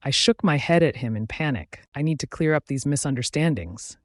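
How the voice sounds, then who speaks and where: A man reading a romance novel aloud in a steady, even first-person narration. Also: on the high side, a little fast, few pauses, no echo, clean studio sound. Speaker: audiobook narrator.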